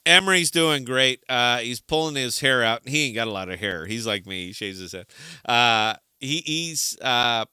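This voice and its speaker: A man co-hosting a casual livestream chat, joking and animated, sometimes sliding into rants. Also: mid-range voice, normal speed, clean tone, no echo, clean studio sound. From Des Moines, Iowa. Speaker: podcast co-host.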